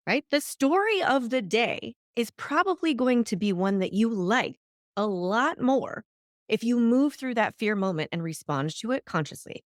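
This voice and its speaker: A woman hosting a solo podcast, teaching in an animated way and acting out the voices she quotes. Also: lowish voice, no echo, clean studio sound. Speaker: podcast host.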